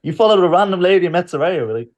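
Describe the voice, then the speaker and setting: A man's voice: sits high, racing, highs cut off. A man, a podcast co-host telling a story in casual chat and acting out the lines of the people in it. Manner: lively storyteller, acts out quotes.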